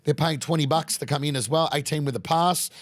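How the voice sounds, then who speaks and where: A man's voice: a little high, fairly quick, dry recording, clean studio sound. An Australian man in his thirties, telling a story as a podcast guest in a pub, swearing freely and acting out the people in his stories. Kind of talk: casual storytelling.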